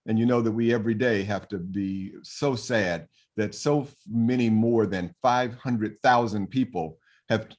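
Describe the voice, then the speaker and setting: An older man, a physician guest, explaining things in an earnest, measured way with some fillers. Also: fairly low pitch, a little mellow. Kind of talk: explaining on a talk show.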